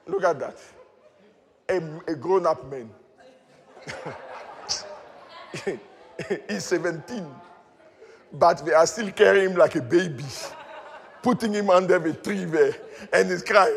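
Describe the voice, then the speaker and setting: A man preaching a sermon in a church hall, animated and often shouting as he acts out the story. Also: high voice, takes it slowly, creaky, pauses often. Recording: long hall reverb.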